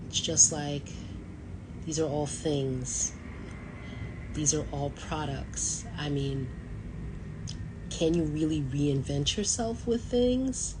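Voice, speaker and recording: A woman's voice: very deep voice, a little hiss or hum, low-quality recording. A woman in her thirties hosting a podcast, talking in a casual, rambling way full of ums and you-knows. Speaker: podcast host. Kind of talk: casual solo talk.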